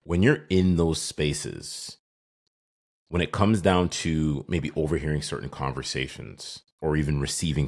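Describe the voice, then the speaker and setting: Very deep-voiced male podcast host. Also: darkish tone. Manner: encouraging, affirming, asks long questions. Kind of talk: casual interview talk.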